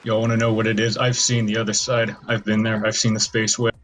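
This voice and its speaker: A man's voice: on the low side, level tone, fast talker, a bit bright. A man playing a debate candidate in a mock political debate on voice chat, rambling and boastful in a conspiratorial way.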